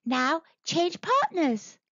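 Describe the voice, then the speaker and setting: A small, clever female monkey from a children's storybook, sweet-talking in a high, lilting voice, acted by a woman reading aloud. She speaks slowly and coaxingly. The recording is dry and a little muffled. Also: no echo, exaggerated voice. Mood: bossy. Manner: flattering, coaxing, high and bright.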